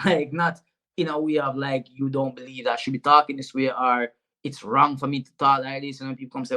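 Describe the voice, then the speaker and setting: A man's voice: medium pitch, steady tone, fairly quick, bright, forceful tone. A young man with a Jamaican accent, a comedian guest speaking frankly and animatedly in a casual interview, often repeating words.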